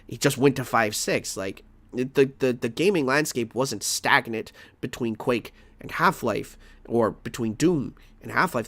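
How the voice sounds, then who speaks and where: A man's voice: medium pitch, a bit bright, dry recording. A man streaming live, reacting to a video and arguing back at it with rambling restarts and exasperated outbursts.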